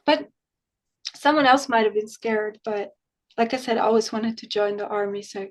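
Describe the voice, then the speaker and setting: Animated high-voiced woman recounting a story. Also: moderate pace. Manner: animated storytelling, quotes conversations in her own voice. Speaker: remote viewer. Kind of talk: conversational interview recounting an experience.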